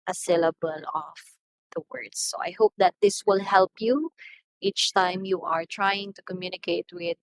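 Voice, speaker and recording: A woman with a Filipino accent teaching an English lesson, slowly and deliberately, stressing example words loudly. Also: on the low side, no room sound, rough recording. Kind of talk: recorded lesson.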